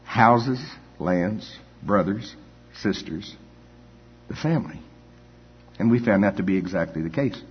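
Brief: older male pastor, low husky voice, chatty folksy delivery, dull echoey church hall. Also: a little slow, long pauses. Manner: folksy, full of "you know" asides and chuckles. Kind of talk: conversational sermon.

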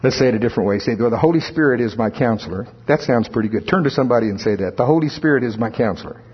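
A man preaches a sermon in a conversational way, now and then playfully acting out the voices of churchgoers. His mid-range voice has lively intonation and races along, with slight background noise and a dull lo-fi sound.

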